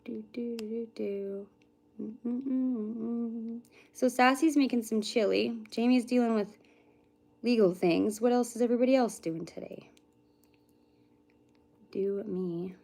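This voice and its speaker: A woman's voice: fairly high pitch, fairly even intonation, a little slow, gravelly, pauses often, warm tone. Chatty woman doing live psychic readings. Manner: chatty, greets viewers by name, hums and mutters to herself between readings. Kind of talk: casual livestream chat with viewers.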